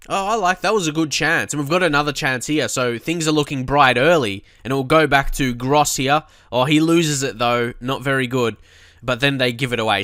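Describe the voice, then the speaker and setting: A young man giving loose, excitable commentary on the football match he is managing, swinging from hopeful chatter to frustrated swearing. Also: mid-range voice, clear, resonant tone, no room sound, studio quality. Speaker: gaming commentator. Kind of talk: live match commentary while playing.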